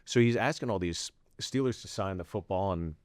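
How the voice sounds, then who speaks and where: A middle-aged man from the Pittsburgh area, a guest comedian telling animated stories in a casual podcast chat. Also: deep voice, brisk, no room sound, studio quality. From Pittsburgh area, USA. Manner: animated anecdotes with laughter.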